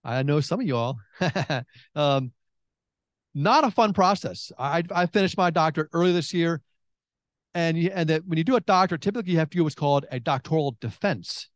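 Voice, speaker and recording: A middle-aged man preaching a sermon, emphatic and repetitive, swinging between excited bursts and hushed intensity. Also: a little high, fairly quick, dry recording. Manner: repeats phrases and restarts.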